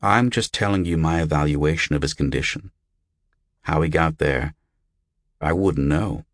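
A man voicing a calm, puzzled monk physician who explains things in a measured, clinical way in a storybook reading. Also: extremely low pitch, dry recording, studio quality.

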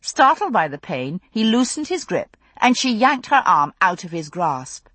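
Woman narrator for a novel: expressive storytelling, husky tone, dry studio sound. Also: medium pitch, a little slow, no echo. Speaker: audiobook narrator.

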